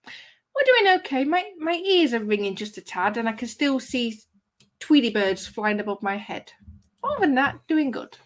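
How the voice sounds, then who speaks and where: A woman's voice: on the high side, sing-song, moderate pace. A woman hosting a casual livestream, chatty and giggly as she reads viewers' comments aloud. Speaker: livestream host reading chat. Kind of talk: casual live-stream chat.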